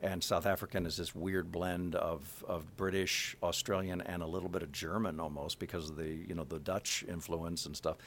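A man's voice: normal speed, hardly any pauses, a little hiss or hum. A man being interviewed, speaking plain general American with no regional accent, rambling with many restarts and fillers as he explains a point. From Kansas City area. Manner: animated, shifts pitch to illustrate points. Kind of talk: casual interview chat.

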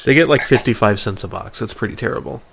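A man's voice: fairly low pitch, fast, creaky, fairly bright tone, a little hiss or hum. A young father chatting casually with friends, dry and laid-back. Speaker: parent. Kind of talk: casual chat.

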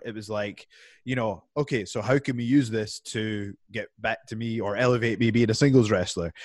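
A man's voice: lowish voice, no room sound, clean studio sound. A man from the UK, a guest on a podcast, answering in a chatty, reflective way with frequent repeated words. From United Kingdom. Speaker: guest wrestler. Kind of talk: casual interview chat.

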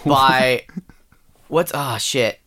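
A man's voice: mid-range voice, very slow, pushed and bright. A man co-hosting a casual comedy podcast, swearing freely, giggling and mocking himself. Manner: crude, giggly, self-mocking. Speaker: podcast co-host.

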